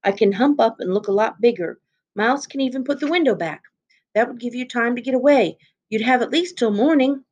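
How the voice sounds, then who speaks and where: A woman voicing an eager, anxious young girl with a higher, pleading voice. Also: lively intonation, normal speed. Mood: urgent.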